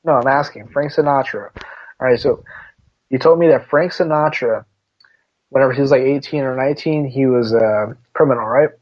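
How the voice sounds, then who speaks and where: A man co-hosts a podcast in casual chat, teasing and laughing often. His voice is medium-pitched and a little fast, and the lo-fi recording sounds dull.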